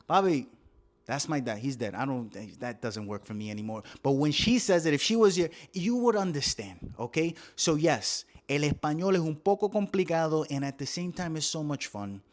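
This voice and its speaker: A man with a Puerto Rican accent, hosting a comedy podcast in a casual, profane rant that switches between English and Spanish. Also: on the high side. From Puerto Rico. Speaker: podcast host.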